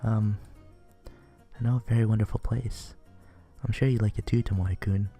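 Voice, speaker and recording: A man voicing a shy, gentle teenage girl in a game reading, speaking softly, politely and earnestly. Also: lowish voice, steady tone, normal speed, soft background music, lightly acted. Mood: eager.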